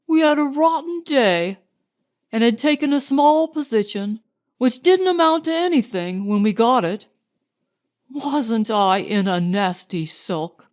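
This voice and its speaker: A woman's voice: on the high side, lively intonation, a little slow, darkish tone. A woman doing a dreamy young British officer. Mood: somber. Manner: dreamy, earnest.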